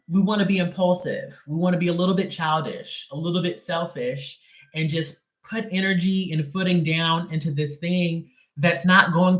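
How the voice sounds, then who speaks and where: A man's voice: a little high, a bit bright, reverberant. A man giving a casual live tarot reading in a sassy, slangy, emphatic way. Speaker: tarot reader.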